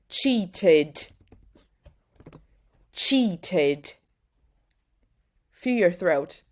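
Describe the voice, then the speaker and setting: Brazilian woman drilling English pronunciation slowly. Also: fairly low pitch, animated. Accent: Brazilian, speaking British-style English. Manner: drills words slowly and emphatically, exaggerated articulation. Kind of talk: pronunciation lesson.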